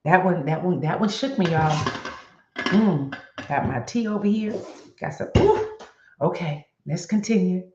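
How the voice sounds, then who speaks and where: A woman hosting a casual motivational vlog, talking to her viewers in an animated, chatty way. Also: fairly low pitch, measured pace, pauses often. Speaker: host. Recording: echoey room with dull lo-fi sound.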